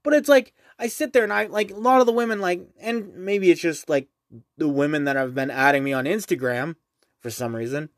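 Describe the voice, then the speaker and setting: This young man hosts his own podcast, delivering a casual, profane solo rant full of rambling and points tagged with "right?" His voice is fairly high and brisk, captured in a dry, clean studio recording.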